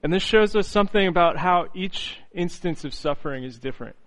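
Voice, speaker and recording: A man preaching an earnest, reflective sermon, often pausing on "you know" and restarting phrases. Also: high-pitched, expressive, poor audio.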